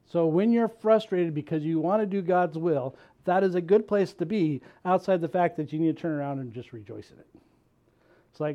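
A man's voice: on the high side, lively intonation, normal speed, pauses often, warm tone, lo-fi sound. A male pastor preaching a sermon in a conversational, joking way, laughing at himself now and then.

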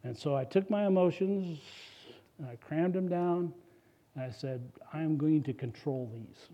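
Man, middle-aged, pastor, earnest sermon, personal storytelling, slightly high voice, dull lo-fi recording. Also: unhurried, warm tone.

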